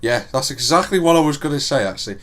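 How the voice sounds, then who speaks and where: A man's voice: on the high side, expressive, fast talker, a bit bright. A young man co-hosting a podcast in casual chat, joking, laughing and reading out news. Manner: banter, laughing often, reads out news. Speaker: podcast co-host.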